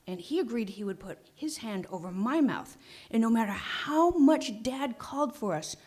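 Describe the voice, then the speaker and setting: A woman telling a childhood story on a small theater stage, animated, with dramatic pauses and hushed asides. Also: fairly high pitch. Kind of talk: live storytelling performance.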